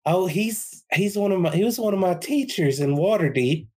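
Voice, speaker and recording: A man's voice: high-pitched, lively intonation, moderate pace, darkish tone, husky, voice pushed up. A man voicing a sweet young scholar woman. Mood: friendly.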